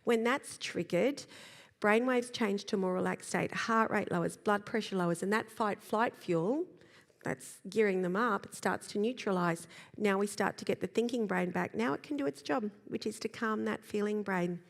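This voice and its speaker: A woman speaks to an audience on children and self-regulation at a middling pitch. She explains with energy and slips into acted examples. Her voice trails off in a long hall reverb. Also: normal speed, vocal fry. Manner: lively explaining, acts out examples. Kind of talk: live talk to an audience.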